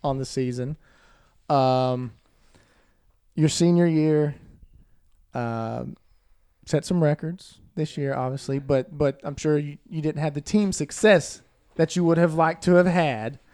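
A man co-hosting a podcast and interviewing a guest, speaking haltingly with fillers and frequent laughs. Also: a little high, darkish tone, clean tone.

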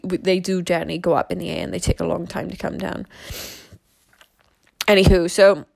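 A woman's voice: on the low side, vocal fry, no room sound. A young woman tells her life story candidly and casually, rambling and swearing freely.

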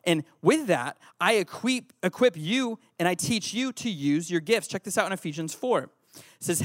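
A man's voice: high-pitched, lively intonation, normal speed, no room sound, clean studio sound. A man preaching a youth sermon, playful and teasing the audience. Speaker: youth pastor.

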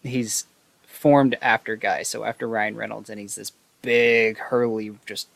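Brief: low, gravelly-voiced man, casual rambling film recap with lots of fillers. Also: steady tone, measured pace, fairly bright tone. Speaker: video host.

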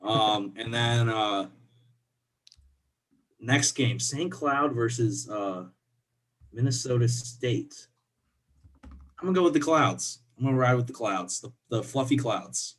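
A man's voice: medium pitch, slow pace, pauses often, a bit bright. A young man from co-hosting a casual sports podcast, playful and laughing often as he trash-talks.

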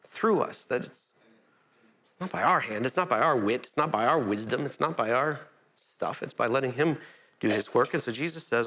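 Man, pastor, conversational sermon, slightly high voice, restarts phrases, rises when quoting Scripture. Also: fairly bright tone.

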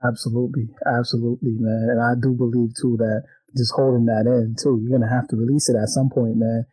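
A man's voice: mid-range voice, flat delivery, fairly quick, dark tone, slightly rough, no room sound, low-quality recording. A male host who is a teacher, chatting casually and often adding "man" and "you know what I'm saying". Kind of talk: casual conversation.

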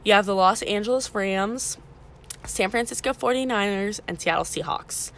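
A woman's voice: medium pitch, moderate pace, fairly bright tone, slight background noise. A woman hosting a casual podcast, talking beginners through the basics in a chatty way and correcting herself as she goes. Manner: chatty, self-correcting, teaching beginners step by step. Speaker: podcast host.

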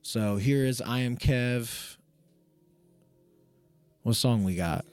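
A man's voice: mid-range voice, takes it slowly, a little mellow, clean tone, soft background music. A man hosting a podcast in casual chat, talking loosely with lots of swearing and "you know what I mean" fillers. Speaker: podcast host.

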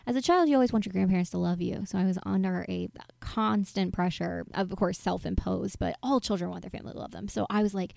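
A woman in her late twenties tells a long personal story to her viewers in a loose, rambling way. Her voice is gravelly and mellow, and she drops into soft whispers now and then. The sound is close and dry. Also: mid-range voice, fairly quick, no echo. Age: 20s. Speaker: vlogger answering viewer questions. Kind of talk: casual storytelling monologue.

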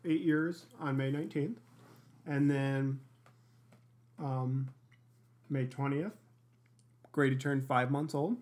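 A man's voice: medium pitch, steady tone, takes it slowly, pauses often, a little mellow. Co-host, man, laid-back home chat, dry little jokes. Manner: easygoing, wry joking. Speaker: podcast co-host. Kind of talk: casual chat.

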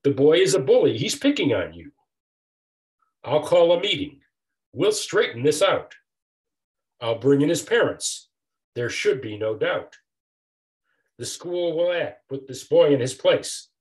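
Firm, kindly principal in a children's storybook, slightly raised pitch, an older man doing the voice. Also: very animated, a little slow, long pauses, rough recording. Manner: firm and reassuring.

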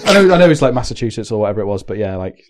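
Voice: medium pitch, sing-song, racing, a little mellow. A player chatting casually during a party game, often flustered and laughing. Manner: giggly, flustered.

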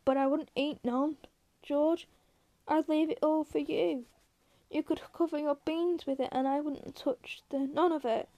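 A woman's voice: high voice, fairly even intonation, unhurried, warm tone. A woman reading aloud, voicing a simple-minded, childlike big man who pleads and begs. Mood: pleading.

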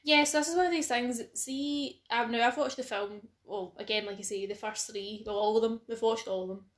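Chatty Scottish woman, high voice. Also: fairly even intonation, brisk. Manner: chatty, laughs often, swears. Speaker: podcast co-host. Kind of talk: casual chat.

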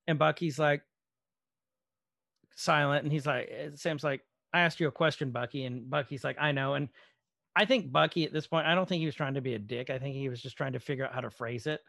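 Podcast co-host, male, gravelly and slightly high, animated scene recaps, dry close sound. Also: brisk, no echo. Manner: animated retelling with quoted dialogue, swearing. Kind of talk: casual chat recapping a show episode.

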